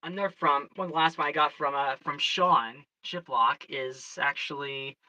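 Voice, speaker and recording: Excitable streamer rambling away, crisp bright tone, keeps restarting. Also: mid-range voice, unhurried, poor audio. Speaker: livestreaming storyteller. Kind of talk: casual livestream chat.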